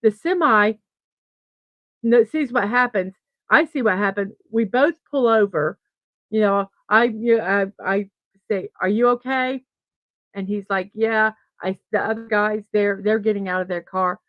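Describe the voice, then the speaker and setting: A woman's voice: mid-range voice, measured pace, dry recording, muffled recording. A middle-aged woman hosting a casual morning livestream, telling a rambling story and chatting with viewers. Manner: rambling, animated storyteller with restarts and laughs. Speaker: host of a daily morning livestream. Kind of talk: casual storytelling and chat reading viewer comments.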